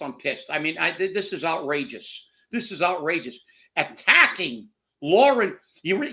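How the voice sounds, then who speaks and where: Furious and swearing, this political talk show co-host stumbles over his own words, repeating them when heated. His voice is unusually high for a man, with a bright, edgy sound.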